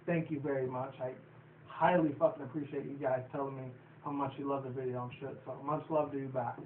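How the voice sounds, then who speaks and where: A man's voice: medium pitch, flat delivery, fairly quick, a little hiss or hum. A man casually recapping a cartoon episode, rambling, swearing and laughing often. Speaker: show reviewer. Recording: tinny distant phone-like audio in an echoey room.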